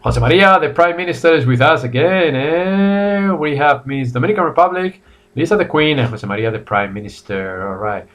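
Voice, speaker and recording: A man's voice: a little high, expressive, moderate pace, fairly bright tone. A middle-aged man giving a live online English lesson, upbeat, repeating key phrases and greeting viewers by name. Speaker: English teacher. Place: academy in Madrid.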